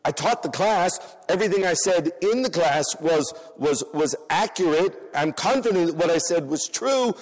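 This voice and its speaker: A man's voice: fairly high pitch, expressive, moderate pace, few pauses. A man preaching a sermon as a pastor, telling stories with earnest emphasis and repetition. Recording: reverberant hall.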